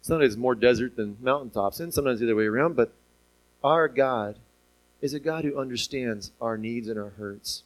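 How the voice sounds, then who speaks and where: A man preaching a sermon in an animated way, asking the listeners rhetorical questions and chuckling now and then. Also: medium pitch, fairly quick, poor audio.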